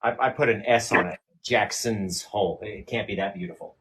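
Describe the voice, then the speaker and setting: A man hosting a live painting stream, chatting casually and joking while he paints, often trailing off into quiet mumbles. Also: on the low side, quick pace, slight background noise, rough recording.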